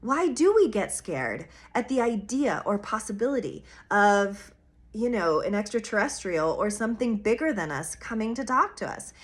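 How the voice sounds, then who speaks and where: A woman astrologer giving a weekly forecast in a musing, earnest and expressive way, with casual slang and soft laughs, at times speeding up. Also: mid-range voice. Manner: earnest, musing and expressive, with bursts of quick talk.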